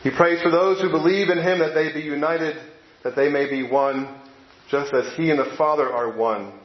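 Casting: middle-aged male pastor, slightly high voice, chatty halting sermon delivery, echoey dull recording. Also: steady tone. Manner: conversational, halting with fillers and restarts. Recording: echoey, dull lo-fi room sound.

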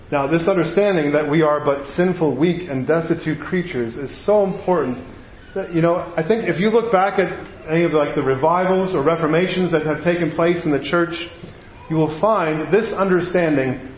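A man's voice: fairly high pitch, moderate pace, slight background noise. A man preaching a sermon in a conversational way, often checking in with "right?". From United States. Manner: conversational, frequent "right?" asides. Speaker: pastor. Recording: roomy, dull audio.

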